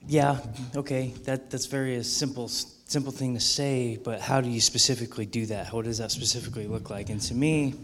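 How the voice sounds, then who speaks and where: A man with a gravelly voice speaks an earnest testimony, pausing often. The hall adds a long echo, and faint noise is behind him. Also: medium pitch, fairly even intonation, a bit bright. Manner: earnest, halting. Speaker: church member giving testimony. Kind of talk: spoken testimony.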